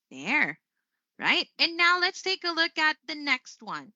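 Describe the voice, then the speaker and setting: A woman leads a live online English lesson in a very bright, high-set voice. She takes her time with each word and often breaks into easy laughter. The sound is close and dry but a little muffled. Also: no echo. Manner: slow, expressive delivery with frequent laughs. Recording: slightly muffled stream audio.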